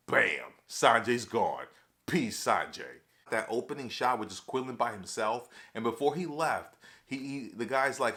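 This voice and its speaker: Excitable chatty male TV reviewer. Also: medium pitch, moderate pace. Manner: excitable, chatty, addresses viewers as y'all. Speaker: TV episode reviewer. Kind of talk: casual recap chat.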